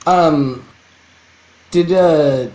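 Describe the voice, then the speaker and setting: A man joining a livestream as a guest, talking in halting bursts with many fillers. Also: a little high, dark tone, roomy sound, poor audio. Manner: halting, many uhs and restarts. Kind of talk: casual livestream chat.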